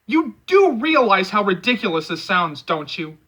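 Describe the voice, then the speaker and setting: A man doing a young male friend, yelling and scolding, high voice, bright edge, wide swings in pitch. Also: sing-song, moderate pace, full character voice. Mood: exasperated.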